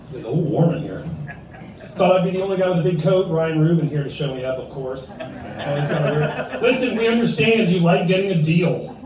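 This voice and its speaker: A man's voice: a little high, expressive, moderate pace, long pauses, a crowd in the background. A man in his fifties doing a stand-up set at an open mic in a bar-restaurant, self-deprecating and chuckling at his own jokes. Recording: echoey room, distant and dull.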